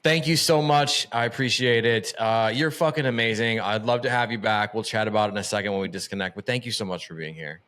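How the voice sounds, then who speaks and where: A man hosting a podcast, firing off quick questions and hyping his guest with plenty of swearing. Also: lowish voice, a bit bright. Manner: profane, hyped, rapid-fire questions. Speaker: podcast host. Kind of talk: casual podcast interview and outro.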